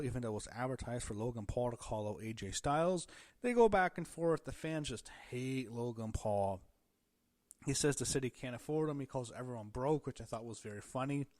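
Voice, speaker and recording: A man talking through a wrestling episode in a loose, offhand way, pausing on fillers and restarting his sentences. His voice sits at an average pitch for a man. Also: animated, darkish tone. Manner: rambling, thinks aloud with fillers and restarts. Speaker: wrestling show reviewer. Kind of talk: casual recap commentary.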